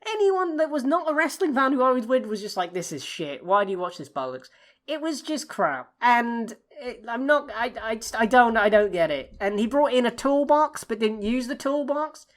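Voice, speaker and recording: British woman co-host, sweary exasperated rant, pitch leaping high then dropping low, a touch higher than most. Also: expressive, moderate pace, hardly any pauses. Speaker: podcast co-host. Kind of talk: ranting casual chat.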